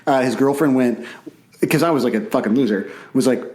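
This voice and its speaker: A man's voice: medium pitch, a little fast, a little mellow. A man in his thirties from Canada co-hosting a casual podcast over a call, rambling, self-deprecating and swearing often. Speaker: podcast co-host. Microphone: remote call mic.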